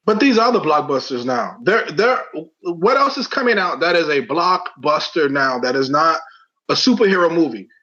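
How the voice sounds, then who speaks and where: A man in his thirties co-hosting a casual podcast chat, animated and arguing his point. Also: a little high, moderate pace. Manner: animated, argues his point, keeps saying listen. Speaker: podcast co-host. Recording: dull lo-fi sound.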